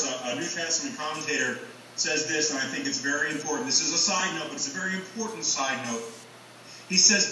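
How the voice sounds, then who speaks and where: A man with a high, bright voice preaches earnestly, pausing and leaning hard on key words. He sits well back from the mic in a very echoey church hall, with faint room noise underneath. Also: recorded from a distance. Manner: earnest, emphatic, with dramatic pauses and sudden rises in pitch. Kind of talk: sermon.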